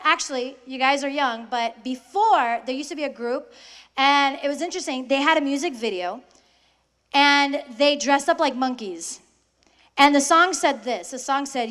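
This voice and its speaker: High-voiced woman giving a lively faith talk. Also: normal speed. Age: young adult. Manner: lively, acts out quoted voices, asks the audience questions. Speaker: guest speaker to high school students.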